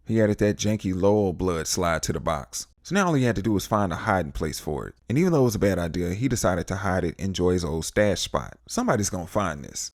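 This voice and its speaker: Here a fairly low-pitched American man recaps a TV episode in a dry, clean studio recording. As the host, he keeps it casual but animated, performing the characters' quotes in a range of voices.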